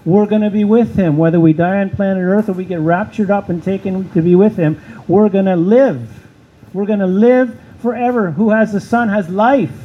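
A man's voice: high-pitched, moderate pace, dull audio. A man preaching a sermon as pastor, asking the listeners questions and repeating key words for emphasis.

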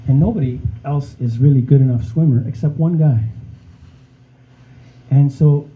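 A man's voice: medium pitch, normal speed, muffled recording. A man preaching a sermon in a conversational way, often checking in with "okay?" and addressing the congregation as friends. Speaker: pastor.

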